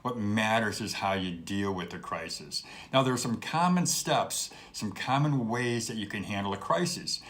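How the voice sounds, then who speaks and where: A middle-aged man with a fairly low voice hosts an advice show. He speaks straight to the viewer in a conversational, emphatic way and drives his points home by repeating them. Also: animated, moderate pace, few pauses, a bit bright. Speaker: host. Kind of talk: advice talk to camera.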